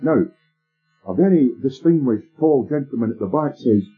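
A man preaching a sermon, telling stories in a measured, emphatic way. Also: mid-range voice, lively intonation, husky. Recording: tinny lo-fi sermon tape with faint music.

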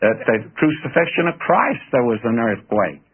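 A man's voice: mid-range voice, lively intonation, moderate pace, breathy edge. A man preaching a radio sermon in a folksy, earnest way, talking straight to his listeners. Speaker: radio Bible teacher. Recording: tinny phone-like radio broadcast.

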